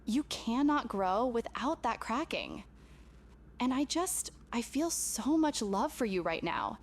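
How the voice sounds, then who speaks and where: A woman's voice: a little high, big pitch swings, takes it slowly, a little hiss or hum. A woman speaking earnestly and intimately to a camera, delivering a channeled spiritual message with emphatic repetition.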